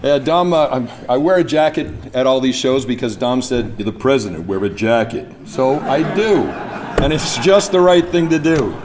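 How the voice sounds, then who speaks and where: A man's voice: medium pitch, moderate pace. Man at a podium, anecdotal and chuckling, noisy speech recording. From New Brunswick, Canada. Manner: storytelling, chuckling, imitates others. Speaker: speaker at a memorial event. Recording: mic speech with background noise.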